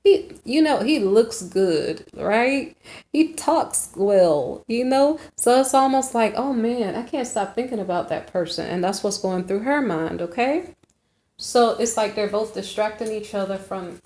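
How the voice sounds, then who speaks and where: Giving a relaxed tarot reading to her viewers, a woman talks in a darkish, mid-pitched voice. She wanders as she speaks, fixes her own words along the way, and keeps asking "okay?" A roomy echo is audible.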